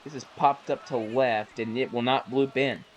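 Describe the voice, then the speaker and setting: Man doing casual play-by-play of his game, mid-pitched voice, chatty, faint hiss behind. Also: moderate pace, highs cut off. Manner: chatty, self-correcting, excitable on big plays. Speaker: gaming YouTuber. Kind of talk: casual play-by-play while gaming.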